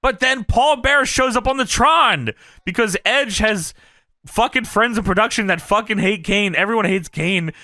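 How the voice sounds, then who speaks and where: Brief: a swearing, animated male co-host telling a story, fairly high voice, dry close mic. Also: normal speed, dry recording. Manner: animated and profane, jumping into quoted voices. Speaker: podcast co-host. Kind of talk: casual recap of old wrestling shows.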